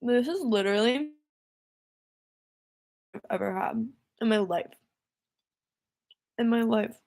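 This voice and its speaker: A woman's voice: on the high side, takes it slowly, vocal fry, darkish tone. A young woman singer-songwriter chatting casually on a livestream, rambling and easily distracted, laughing often.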